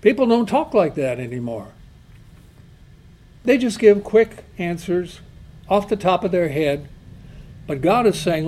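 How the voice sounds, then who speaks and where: A man's voice: high voice, expressive, a little slow, pauses often, darkish tone. A man preaching a sermon, emphatic, asking rhetorical questions and quoting God and scripture.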